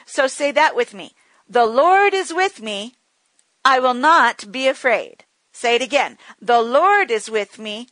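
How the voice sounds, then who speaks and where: A woman's voice: high voice, sharp tone, no echo, rough recording. A middle-aged woman teaching a sermon in a firm, repetitive way, leading her listeners to say declarations back to her. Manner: firm, repetitive, leads call-and-response declarations. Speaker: Bible teacher.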